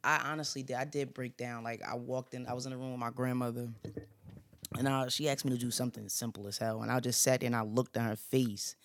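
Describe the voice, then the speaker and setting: A man's voice: medium pitch, fairly even intonation, fast, slight background noise. A man in casual podcast talk, speaking candidly and emotionally, swearing freely.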